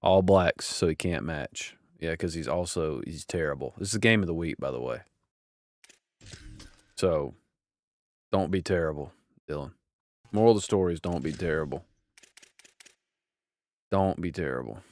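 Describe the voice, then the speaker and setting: A man's voice: deep voice, expressive, moderate pace, dry recording. A man in casual gaming chat with friends, teasing and trash-talking, stumbling over his words now and then. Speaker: gamer streaming with friends.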